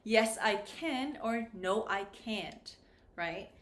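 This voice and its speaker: A woman teaching an English grammar lesson, modeling pronunciation slowly and clearly. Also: medium pitch, animated, fairly bright tone. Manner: slow, clear, exaggerated pronunciation demos. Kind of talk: classroom-style grammar lesson. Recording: echoey room.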